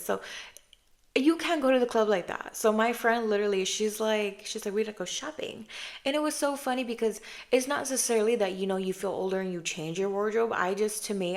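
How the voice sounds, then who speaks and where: A woman in her thirties hosting a casual podcast chat, telling stories with lots of filler and calling the listener babe and girl, sometimes dropping into a hushed voice for quotes. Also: mid-range voice. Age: 30s. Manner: chatty, animated storytelling, calls listener babe and girl. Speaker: podcast host.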